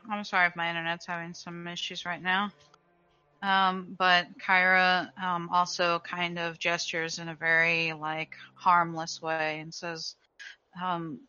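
A woman's voice: lowish voice, flat delivery, measured pace, pushed and bright, smooth, no room sound, soft background music. A woman playing a tabletop game online, polite and a little hesitant, over dull lo-fi call audio. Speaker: player. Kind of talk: casual tabletop game chat.

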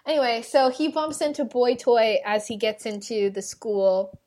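A woman co-hosting a podcast, recapping a show in casual chat, animated and laughing often. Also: fairly high pitch, moderate pace. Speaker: podcast co-host.

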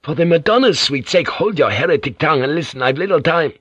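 A man's voice: fairly high pitch, expressive, fast talker, fairly bright tone, husky, dry recording, pitched above the performer's own voice. A man voicing a blunt, foul-mouthed male ship's pilot who talks in crude oaths. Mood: urgent. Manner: crude, oath-laden, scornful.

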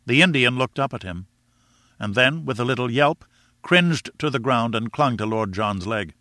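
A man reading an adventure novel aloud as narrator, in a measured, steady storytelling manner. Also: medium pitch, no echo, studio quality. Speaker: audiobook reader. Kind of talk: scripted narration.

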